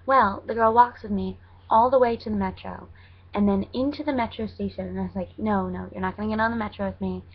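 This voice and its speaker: A woman's voice: mid-range voice, fairly even intonation, fairly quick, highs cut off. A young American woman telling stories in a casual vlog, chatty and rambling, correcting herself with lots of fillers. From United States. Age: young adult. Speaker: student vlogger abroad.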